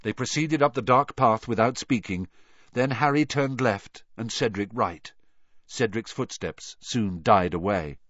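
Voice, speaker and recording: A man giving a lively, dramatic storybook narration, in a dull, dry recording. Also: medium pitch, unhurried, no room sound. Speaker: audiobook reader.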